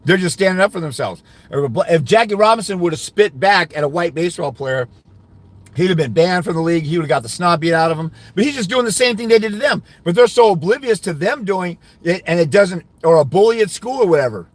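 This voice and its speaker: A man's voice: high-pitched, expressive, a little fast, no echo. A man giving fathers' rights custody advice, ranting indignantly during a livestream while answering comments.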